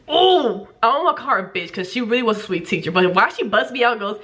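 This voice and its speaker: A young woman talking straight to her camera in a loose, chatty vlog. Her voice sits a little high, and she swears freely and fills her talk with "like.". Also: expressive, fast, few pauses, a bit bright. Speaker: vlogger. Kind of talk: casual storytelling to camera.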